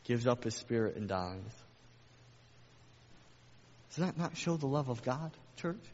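A man's voice: mid-range voice, lively intonation, measured pace, a little mellow. A man preaching a sermon as a pastor, emphatic, with repeated phrases and rhetorical questions. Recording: echoey hall, dull lo-fi sound.

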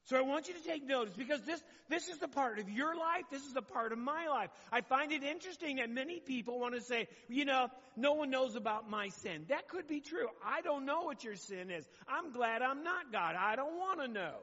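A man's voice: very high-pitched, animated, brisk, few pauses, pushed and bright, in a large hall, muffled recording. A man preaching a sermon as pastor, talking conversationally and asking the congregation questions.

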